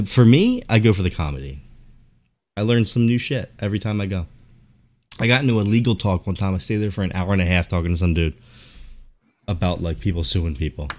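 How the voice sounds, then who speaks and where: A low-pitched man hosting a podcast, spinning animated anecdotes in casual chat. He swears a lot and talks with loose, easy energy. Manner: animated, profane storytelling. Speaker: podcast host.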